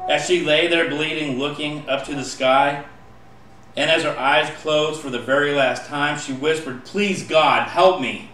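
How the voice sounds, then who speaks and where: A man recites spoken-word poetry with passion, his voice pitched a bit high and sharply bright. He sits back from the mic in an echoey room. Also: steady tone, normal speed, far from the mic, a little hiss or hum. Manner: impassioned, rising to pleading shouts. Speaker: poet.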